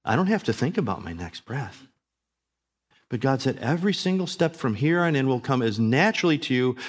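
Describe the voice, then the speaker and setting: A man in his fifties delivering a sermon from the pulpit. His preaching is emphatic, with loud declarations that drop into quieter, lower asides. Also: sing-song, fairly quick. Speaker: pastor.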